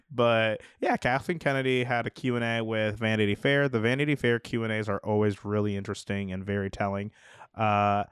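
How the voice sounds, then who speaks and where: A man's voice: lowish voice, fairly even intonation, moderate pace, fairly bright tone, clean tone, dry recording, studio quality. Chatty man hosting a movie podcast. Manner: chatty, rambling, laughs easily. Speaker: podcast host. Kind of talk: casual movie-news chat.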